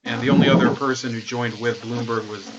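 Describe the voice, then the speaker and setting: A man's voice: medium pitch, fairly even intonation, quick pace, lo-fi sound, very noisy. A man hosting a live political talk stream, rambling and sardonic, with lots of fillers. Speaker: host.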